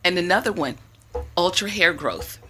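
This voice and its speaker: A woman chatting casually on a radio talk show as a guest, telling stories in a lively way. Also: lowish voice, moderate pace, a little hiss or hum. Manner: chatty, animated storyteller with laughs. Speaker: guest, product maker.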